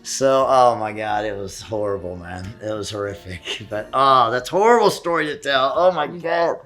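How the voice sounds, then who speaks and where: A middle-aged man casually telling a family story with animated, laughing delivery. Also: mid-range voice, moderate pace. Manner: animated, loud when quoting others, laughing. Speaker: retired fighter telling a story.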